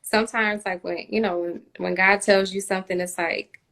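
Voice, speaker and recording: A woman in a casual spiritual talk, speaking softly and hesitantly with many restarts, quiet and away from the mic. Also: medium pitch, steady tone, normal speed, low-quality recording.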